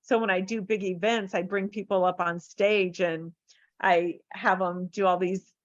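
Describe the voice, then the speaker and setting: Woman from San Diego, therapist and speaker, lively storyteller, muffled dry audio. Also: fairly low pitch, unhurried, dry recording. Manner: animated storyteller acting out quoted voices. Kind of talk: casual interview chat.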